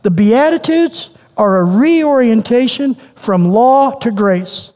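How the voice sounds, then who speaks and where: Animated male pastor preaching in a hall. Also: extremely high pitch, slow pace. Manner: animated, questioning, repeats phrases for emphasis. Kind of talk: sermon. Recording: long hall reverb.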